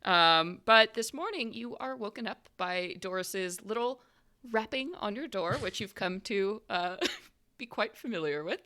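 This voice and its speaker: A woman's voice: medium pitch, expressive, a little slow, bright, forceful tone, clean tone. A woman running a tabletop role-playing game, narrating in a casual, chatty way with many fillers. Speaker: game master.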